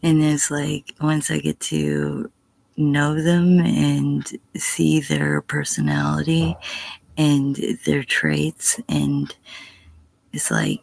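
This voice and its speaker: Gravelly, husky middle-aged woman. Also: low voice, expressive, very slow, a little mellow, dry recording. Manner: blunt, profane, slips into whispers. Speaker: livestreamer answering chat. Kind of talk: casual livestream chat.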